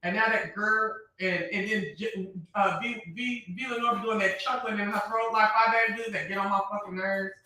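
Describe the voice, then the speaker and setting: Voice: medium pitch, moderate pace, few pauses. Sassy livestream host in a very echoey room. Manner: sassy, animated, calls viewers girl and honey. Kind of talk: casual livestream gossip chat.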